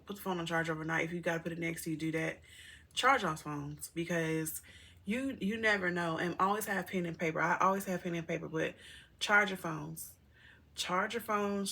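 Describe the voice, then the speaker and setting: A woman's voice: on the low side, creaky, a bit bright, husky. A middle-aged mother telling her viewers a personal story in a candid, rambling, emotional way, often calling them y'all. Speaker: single mother vlogger.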